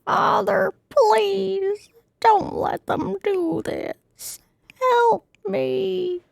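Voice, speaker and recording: A woman's voice: fairly even intonation, drawn-out words, creaky, no echo, clean studio sound, exaggerated voice. A woman voicing a tearful little wooden puppet boy crying out for help, in a whispered role-play reading. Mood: distraught. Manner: shrill, crying out.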